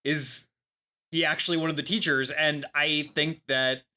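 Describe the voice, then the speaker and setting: A man's voice: a little high, steady tone, normal speed, pushed and bright. A man co-hosting a book podcast, musing thoughtfully in casual chat with many fillers. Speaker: podcast co-host.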